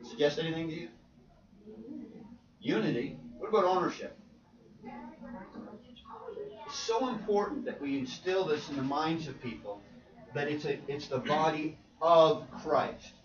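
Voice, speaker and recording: In a church meeting room, a preacher leads a Bible class, asking questions and repeating points to drive them home. His voice sits on the high side and is animated yet unhurried, with long pauses, and the audio is roomy, distant and dull.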